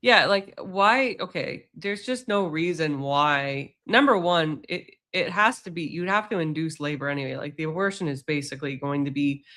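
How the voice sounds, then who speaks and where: A man's voice: a little high, normal speed, hardly any pauses, sharp tone. A man hosting a casual podcast, talking bluntly and with sarcasm. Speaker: podcast host.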